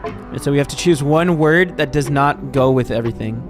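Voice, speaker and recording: A young man with a mid-range voice streams a horror game live at normal speed, with music playing in the background. He talks to himself and jokes while working out the puzzles, giving casual live commentary.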